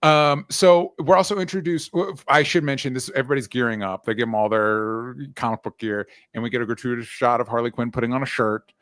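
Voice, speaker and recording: A man co-hosting a casual movie podcast, recapping the plot with wry asides and many quick yeahs. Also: mid-range voice, fairly bright tone, no echo. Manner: laid-back, lots of fillers and quick yeahs. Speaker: podcast co-host. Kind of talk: casual movie review chat.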